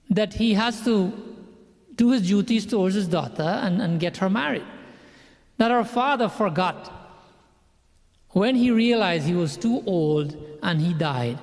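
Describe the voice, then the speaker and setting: High-voiced man telling a sermon story. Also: in a large hall. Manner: acts out characters' lines in the story. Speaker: pandit giving a sermon.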